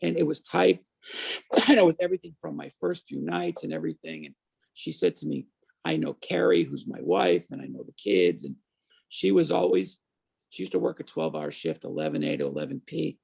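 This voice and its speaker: A man in his fifties, a guest on an interview show, telling his story in a lively way and acting out the voices of people he quotes. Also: a little high, brisk, creaky, breathy edge. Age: 50s.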